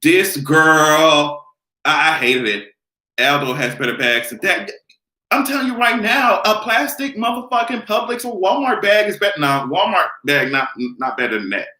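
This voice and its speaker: A man on a live stream, ranting loudly and animatedly with lots of profanity. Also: a little high, animated, moderate pace, reverberant. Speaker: vlogger.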